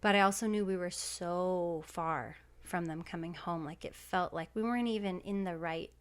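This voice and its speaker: A woman's voice: fairly low pitch, normal speed, clean tone. A woman in her thirties, a podcast guest, telling a personal story in a heartfelt, emotional way with many fillers.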